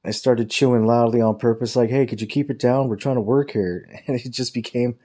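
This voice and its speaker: A man speaks briskly in a warm, medium-pitched voice with fairly even intonation. In a casual, profane and rambling workplace story, he quotes his coworkers in mocking voices.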